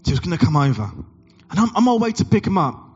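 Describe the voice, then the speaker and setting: A man preaching a sermon, telling a story and acting out the dialogue with big jumps in pitch. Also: sing-song, very fast, darkish tone, husky, dull audio. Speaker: pastor.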